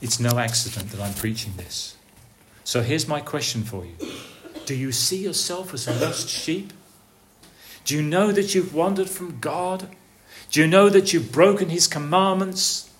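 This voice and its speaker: A man delivers a sermon in an unhurried, deliberate cadence, his voice sitting a little high for a man. He peppers the congregation with rhetorical questions, dropping to a near hush and then rising to a call. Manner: slow, earnest preaching with rhetorical questions; swings from soft, hushed lines to raised, calling ones. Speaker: preacher.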